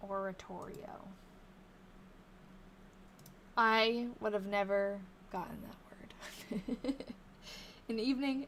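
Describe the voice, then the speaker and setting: A tired, yawning woman hosts a live stream, researching old diaries and thinking aloud as she reads old newspaper snippets and chats casually with her viewers. Her mid-range voice is fairly bright and moves at a slow pace. There's a little hiss or hum in the background.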